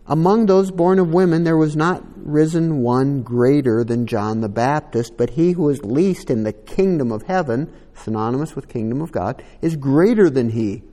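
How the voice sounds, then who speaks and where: A man's voice: mid-range voice, darkish tone. A man preaching a sermon, reading scripture aloud and breaking in with casual asides. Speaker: pastor. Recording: long hall reverb.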